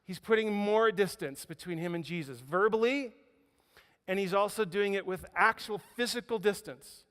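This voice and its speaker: A man preaching a sermon as pastor, telling a story with dramatic swings from loud emphasis to hushed quiet. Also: high-pitched, moderate pace. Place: church auditorium. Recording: hall reverb.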